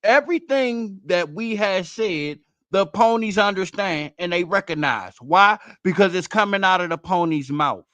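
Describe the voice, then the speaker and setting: A man hosting a live stream, out of breath, talking in a loud, rambling, profanity-heavy way. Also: sits high, lively intonation, normal speed, dry recording. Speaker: host. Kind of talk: casual stream commentary.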